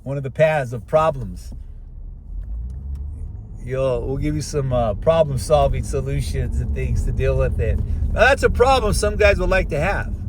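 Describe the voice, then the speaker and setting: Middle-aged man, self-help host, fairly high voice, outdoor traffic noise, direct coaching monologue. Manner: talks to viewers directly, stretches words slowly to show clear diction. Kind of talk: casual advice monologue. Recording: street noise behind voice.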